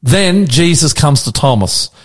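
A man's voice: on the high side, lively intonation, unhurried, breathy edge. An Australian pastor leading a conversational Bible study, animatedly quizzing his co-host with questions.

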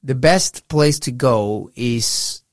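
A man's voice: mid-range voice, slow pace, no room sound, studio quality. A middle-aged man co-hosting a casual Bible discussion, earnest and reflective in a pastoral way. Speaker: podcast co-host.

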